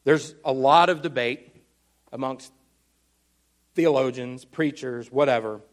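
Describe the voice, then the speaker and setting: A man preaching a teaching sermon, explaining earnestly and slowing down to stress key words. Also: medium pitch. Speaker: pastor.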